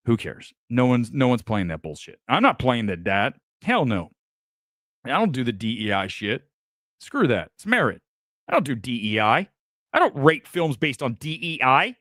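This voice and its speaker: A man's voice: moderate pace, no echo, studio quality. A man hosting a film talk show, ranting with brash, boastful and profane opinions. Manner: brash, boastful, profane, animated swings of pitch. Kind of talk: opinionated live stream rant.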